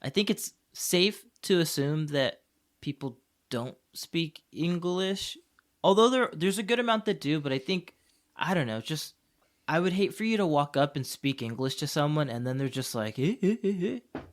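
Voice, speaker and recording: A man's voice: a little high, lively intonation, moderate pace. A man co-hosting a podcast in casual chat, telling rambling stories with lots of fillers. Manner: chatty storyteller, rambling with fillers. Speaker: podcast co-host. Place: Tokyo.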